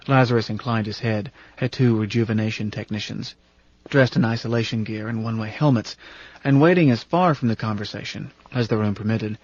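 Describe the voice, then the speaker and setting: A man narrating an audiobook, reading in a steady, even manner. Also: lowish voice, brisk, dry recording. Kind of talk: scripted narration. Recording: dull, dry studio recording.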